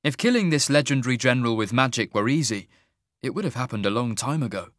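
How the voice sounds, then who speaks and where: A man narrating a fantasy audiobook in a measured, even storytelling manner. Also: medium pitch, dry recording, clean studio sound.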